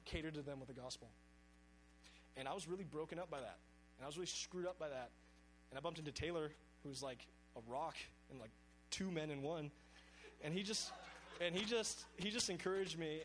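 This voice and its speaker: A young man gives a sermon built around a personal story, earnest and animated as he acts out his own inner dialogue. His voice sits a little high for a man, and a faint hum runs underneath. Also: rough recording. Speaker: preacher.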